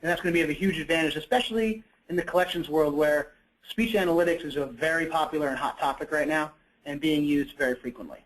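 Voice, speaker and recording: A man's voice: on the high side, fast talker, rough recording. A man presenting a product in a webinar, talking conversationally with frequent fillers and self-corrections.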